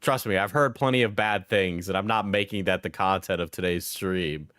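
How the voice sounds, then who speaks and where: A man hosting a live stream, reacting with rambling, halting commentary and frequent laughs. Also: low-pitched, a bit bright, no room sound, studio quality. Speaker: streamer host.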